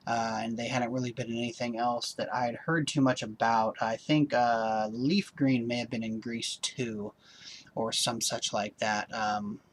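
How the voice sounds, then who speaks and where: Laid-back guy reviewing a disc, mid-pitched, chatty, full of filler words. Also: a little slow, a little hiss or hum. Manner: rambling, lots of ums and uhs; relaxed, upbeat. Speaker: home-video reviewer. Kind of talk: casual video review.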